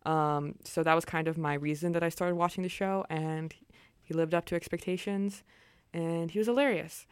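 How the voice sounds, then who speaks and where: Young female radio co-host, casual and rambling, slightly low voice, clear and close-miked. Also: normal speed, no echo. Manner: chatty, rambling, many fillers. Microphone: studio microphone.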